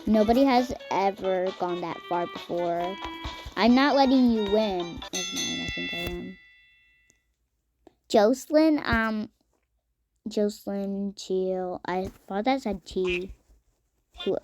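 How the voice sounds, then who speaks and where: A young woman commenting on her own gameplay, dramatic and mock-angry with quick outbursts. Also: medium pitch. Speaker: gaming vlogger. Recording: game music behind voice.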